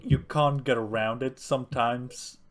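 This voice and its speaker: Man, medium pitch, casual film chat, animated, laughs often. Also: unhurried. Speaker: podcast co-host.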